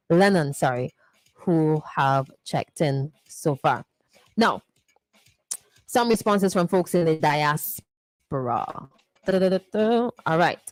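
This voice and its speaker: A woman's voice: sits low, darkish tone, dry recording. A woman hosting a morning radio show, playfully reading listener messages and teasing them. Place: radio studio.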